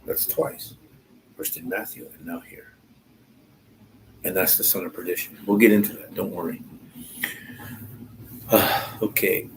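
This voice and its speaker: A man's voice: low-pitched, fairly even intonation, slight background noise, poor audio. A man reading a Bible passage aloud, stopping often to add informal comments of his own. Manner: reads slowly and pauses to comment, informal asides. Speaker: Bible teacher.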